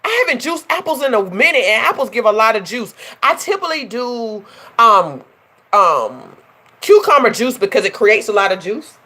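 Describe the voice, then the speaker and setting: A woman's voice: on the high side, very animated, normal speed, sharp tone. A woman hosting a casual livestream, chatting with viewers, laughing often and calling them y'all. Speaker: life coach and livestream host.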